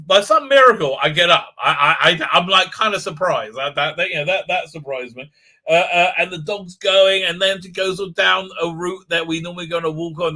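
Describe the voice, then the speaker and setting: Middle-aged male livestream host, rambling storyteller, bright ringing tone. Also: sits high. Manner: animated storytelling, many fillers and repeats. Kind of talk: rambling live-stream chat.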